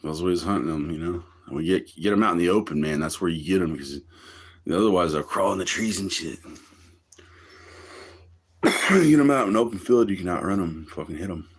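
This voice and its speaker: A man's voice: deep voice, brisk, husky. A man chatting casually on his livestream, rambling through stories with frequent swearing and laughter. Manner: profane, laughs often, drawling storytelling.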